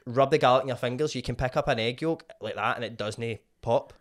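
A man's voice: medium pitch, brisk. A young man, co-hosting a casual podcast and bantering with mate and bro. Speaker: podcast co-host. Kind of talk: casual chat.

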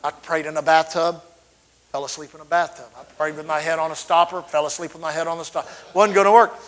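A middle-aged man delivers a sermon, telling stories from the pulpit with fervor. His voice sits somewhat high for a man. He swings from loud, surging lines to quiet asides. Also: steady tone, fast talker, rough recording. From Texas. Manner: fervent storytelling with sudden loud swells and drops. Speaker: preacher.

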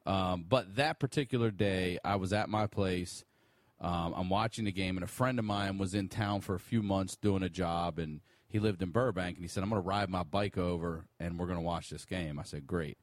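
A man guest on a podcast, telling a long story in a casual, profane, animated way. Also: sits low, moderate pace, dry recording. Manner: profane, animated storyteller who laughs often.

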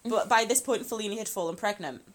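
A woman's voice: medium pitch, fast talker. A woman co-hosting a podcast, telling a true crime story in a chatty way, swearing freely and laughing often. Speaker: podcast co-host. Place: lives in Scotland.

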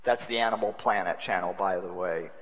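A man preaching a sermon as a bishop, wry and humorous, swinging between loud and hushed delivery. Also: deep voice, fairly quick, background noise. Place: large conference hall. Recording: long reverb of a large conference hall.

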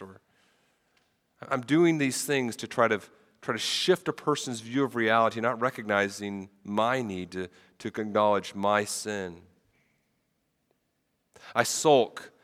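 A man's voice: lowish voice, takes it slowly, pauses often, a bit bright, long reverb tail. A man preaching a sermon with a head cold, talking conversationally and often repeating words as he starts sentences. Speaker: pastor.

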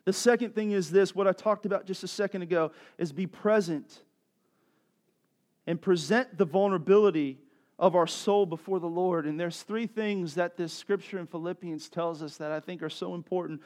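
Guy pastor preaching, pretty high voice, keeps repeating lines for emphasis, fired up. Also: moderate pace, darkish tone. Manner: impassioned, repeats phrases for emphasis. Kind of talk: sermon.

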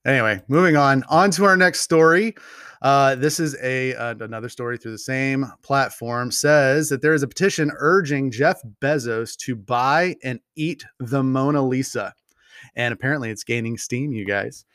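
Guy hosting a podcast, cussing a lot and joking around, mid pitch, dry close sound. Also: normal speed, fairly bright tone, clear, resonant tone, no room sound. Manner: profane, joking, rambling. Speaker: podcast host. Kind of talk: casual news commentary.

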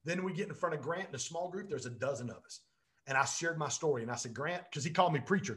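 A man's voice: on the high side, fairly bright tone. A man, a real estate business coach, telling his story as an interview guest in an intense, emphatic way and repeating phrases for weight.

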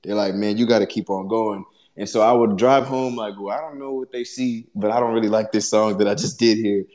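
A man, a guest musician, talking casually about his music in a reflective, halting way. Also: fairly low pitch, fairly even intonation, a crowd in the background. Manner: reflective, halting, searching for words. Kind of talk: casual conversation.

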